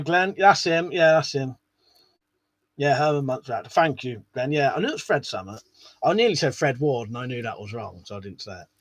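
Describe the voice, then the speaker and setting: A man's voice: fairly high pitch, no echo. A man hosting a casual live stream, chatting to viewers in a rambling way and swearing now and then. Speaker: live stream host reading chat.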